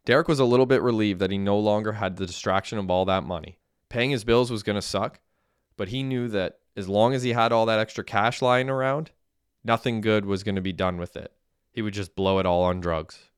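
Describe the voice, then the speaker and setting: Smooth low-voiced male audiobook narrator. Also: brisk, no room sound, clean studio sound. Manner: plain, matter-of-fact reading. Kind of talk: scripted narration.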